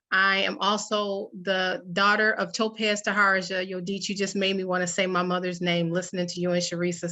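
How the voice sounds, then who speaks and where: A woman who works as a paraeducator, speaking on a panel in a heartfelt, emotional way with quick bursts. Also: mid-range voice, bright, forceful tone. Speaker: paraeducator and program founder panelist. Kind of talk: casual panel talk.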